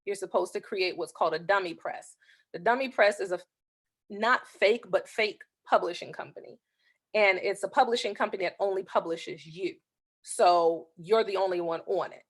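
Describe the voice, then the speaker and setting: A woman's voice: mid-range voice, moderate pace, breathy edge. A woman in her thirties, an author hosting her own show, casually telling a personal story and acting out the other people's lines. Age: 30s. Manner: lively, acts out the voices in her story.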